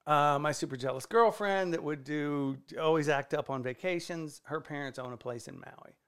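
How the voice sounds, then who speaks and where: A man with a high-pitched, gravelly voice tells a rambling story on a casual comedy podcast. He swears freely and gets excitable as he goes. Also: normal speed. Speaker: stand-up comedian.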